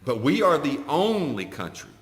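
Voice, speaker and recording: A coach co-hosting a podcast chats casually but with strong opinions, coming across as preachy. His voice is on the high side and very animated at a moderate pace, in an echoey room with long reverb.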